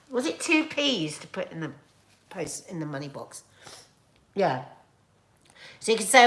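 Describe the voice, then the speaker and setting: A middle-aged woman with a British accent, hosting a casual livestream chat and telling stories in an animated, chatty way. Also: fairly low pitch, slow, pauses often. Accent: British English. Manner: animated, chatty storytelling with laughs and asides. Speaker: livestream host reading viewer comments.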